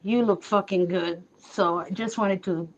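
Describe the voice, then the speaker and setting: A woman's voice: on the low side, fairly even intonation, measured pace, lo-fi sound. A woman originally from Africa calling in to a live show, chatty, confident and candid. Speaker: caller.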